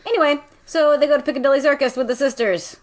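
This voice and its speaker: A woman's voice: high-pitched, fast talker. A woman co-hosting a podcast, recapping a book in a wry, joking way and swearing freely. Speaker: podcast co-host. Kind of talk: casual chat recapping a book.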